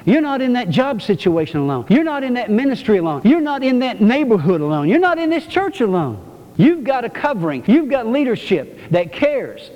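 A man's voice: very high voice, big pitch swings, a little fast, a little mellow, highs cut off. A male pastor preaching a sermon to his congregation, emphatic and repetitive. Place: church. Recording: reverberant church hall.

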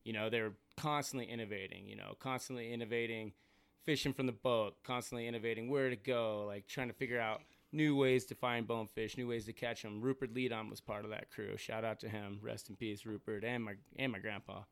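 Laid-back man with a smooth voice. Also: fairly low pitch, fairly quick, dry recording. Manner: relaxed, laid-back, lots of fillers like "you know" and "um". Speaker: podcast guest, fly fisherman. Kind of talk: casual chat.

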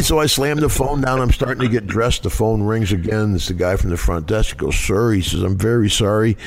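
A man's voice: fairly low pitch, fairly quick, gravelly. An older man, a podcast co-host, telling a story in casual chat, laughing often and acting out the voices of the people in it. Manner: boisterous, laughs often, acts out voices in his stories.

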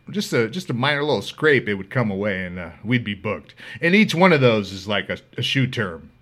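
A man hosting a podcast, telling comedic stories in a loud, profane, laughing way. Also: mid-range voice. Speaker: podcast host. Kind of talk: comedic storytelling.

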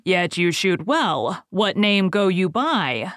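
Storybook sheriff: a haughty, cold man voiced by a woman narrator, slow and clipped, low and dry. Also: sing-song, a bit bright, no echo, heavily acted. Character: cold, haughty middle-aged male sheriff.

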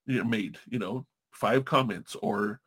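A man's voice: lowish voice, a little slow, a bit bright, husky. A man hosting a casual podcast chat, talking candidly and profanely, rambling through restarts.

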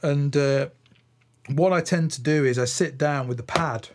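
A man's voice: on the high side, a little slow, heavy background noise. A middle-aged man, a drum teacher, chatting casually on his podcast, rambling and thinking aloud with fillers and restarts, sometimes counting out drum patterns. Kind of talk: casual solo podcast chat.

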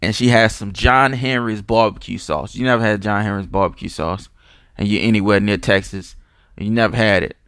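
New guy rambling on his podcast, lowish voice, cussing, lots of you know and restarts, dry close sound. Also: brisk, fairly bright tone, clean tone, no room sound. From New Orleans. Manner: loose, profane, digressive, many restarts and fillers. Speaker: podcast host. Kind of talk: casual rambling monologue.

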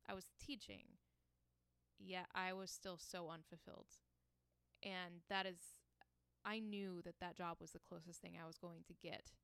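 A woman's voice: lowish voice, vocal fry, a bit bright, smooth, no echo. A young woman hosting her own podcast, talking in an earnest, encouraging way and often restarting her sentences. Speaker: podcast host. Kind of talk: casual solo podcast monologue.

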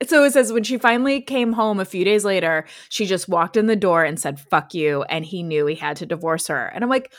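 A woman's voice: on the low side, fairly quick, few pauses. A woman co-hosting a podcast in casual chat, agreeing readily and telling anecdotes with acted-out reactions. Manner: animated storyteller, agreeable, acts out reactions in quotes. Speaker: podcast co-host.

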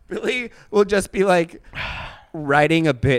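A man's voice: fairly high pitch, lively intonation, slow, no echo. A young adult man co-hosting a casual comedy podcast, joking and laughing often as he tells stories. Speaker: podcast co-host.

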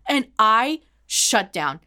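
A woman with a bright, sharp tone talks frankly as a podcast co-host. Her pitch swings widely, and she drops to a near hush on painful stories. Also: big pitch swings, takes it slowly. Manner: candid, drops to a hushed tone on hard memories. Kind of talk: casual chat.

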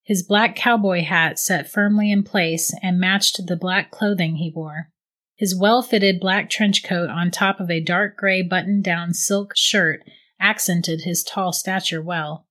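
A woman giving steady, reflective first-person audiobook narration. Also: fairly low pitch, measured pace.

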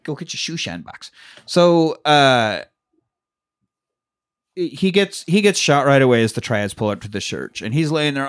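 A man's voice: mid-range voice, expressive, unhurried. Profane, jokey male podcast co-host. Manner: profane, jokey, laughs often, acts out scenes. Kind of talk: casual film-recap chat.

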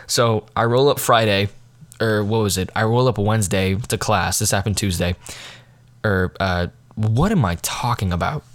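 Rambling teenage podcaster. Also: male voice, low voice, no echo. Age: teens. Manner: rambling, self-deprecating, loses his train of thought. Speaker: podcast host. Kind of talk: casual podcast monologue.

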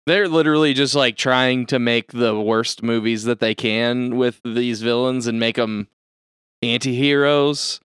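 A man's voice: medium pitch, a little slow, a bit bright, smooth, no room sound, studio quality. A man co-hosting a podcast in casual chat, loose and profane, laughing often. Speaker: podcast co-host.

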